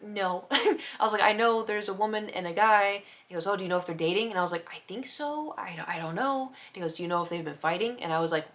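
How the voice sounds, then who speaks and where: A young woman casually telling a neighbor story, acting out quotes and sound effects in a chatty, animated way. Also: mid-range voice, quick pace.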